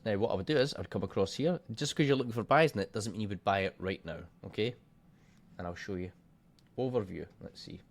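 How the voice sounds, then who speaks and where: A man's voice: on the low side, fast talker, creaky, slight background noise. A man coaching forex trading in a casual screen-share walkthrough, thinking aloud and swearing offhandedly.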